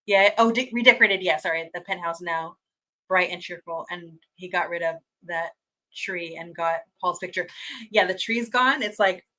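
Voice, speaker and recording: Gushing, bright-voiced woman streamer. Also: on the low side, normal speed, poor audio. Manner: gushing and excitable, laughs often, restarts mid-sentence. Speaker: host of a fan watch-party stream. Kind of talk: casual livestream chat, reading viewer comments.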